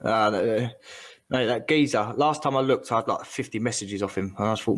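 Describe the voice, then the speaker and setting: Guy ranting about someone, slangy and animated, keeps repeating himself. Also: mid-range voice, brisk. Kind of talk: ranting casual chat.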